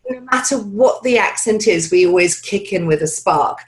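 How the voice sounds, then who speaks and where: A woman's voice: mid-range voice, expressive, moderate pace. A woman working as an accent and dialect coach, answering interview questions in a chatty, rambling way with many fillers, speaking over a video call from home.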